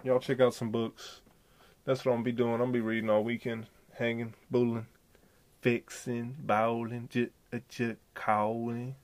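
Alone on his own podcast, a man rambles through casual commentary full of profanity and slang. His voice is mid-range and darkish, with level delivery at normal speed.

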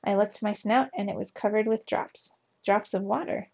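Woman reading a storybook aloud, expressive. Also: medium pitch, normal speed, gravelly, breathy edge. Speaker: reader for young students. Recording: dull lo-fi recording.

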